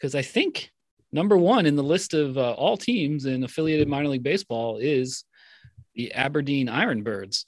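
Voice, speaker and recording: Deadpan male podcast regular. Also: medium pitch, moderate pace, no echo. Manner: dry, deadpan humor. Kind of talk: casual podcast chat.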